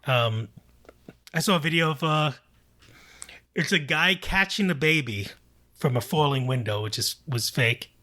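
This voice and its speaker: A man co-hosting a casual podcast chat, telling a story in a relaxed, loose way. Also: a little high, a little slow, pauses often. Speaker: podcast co-host.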